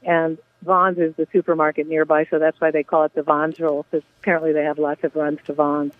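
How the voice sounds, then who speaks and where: A woman's voice: low-pitched, little pitch movement, brisk, dry recording. A woman playwright talking about her work in an interview, chatty and enthusiastic. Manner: warm, enthusiastic, chatty with frequent yeahs. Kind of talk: casual interview talk. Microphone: phone line. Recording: tinny phone line.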